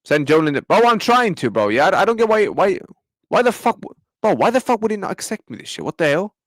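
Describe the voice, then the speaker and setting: In his heated match reaction rant, a football fan channel host talks fast in a high, fairly bright voice with big pitch swings. He is exasperated and slangy and repeats himself to viewers, and the recording is rough with no echo.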